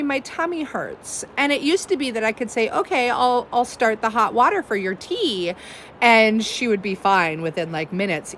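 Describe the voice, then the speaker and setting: A woman's voice: on the high side, a bit bright, slight background noise. A woman in her thirties, hosting as an herbalist, chatting casually and effusively, with many "like"s and "um"s. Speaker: herbalist host. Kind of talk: casual livestream chat.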